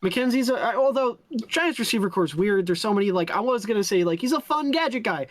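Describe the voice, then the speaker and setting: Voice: mid-range voice, expressive, no room sound. Podcast co-host, casual banter, opinionated, close dry mic. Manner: opinionated, chatty, quick to laugh. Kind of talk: casual sports chat. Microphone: own desk mic.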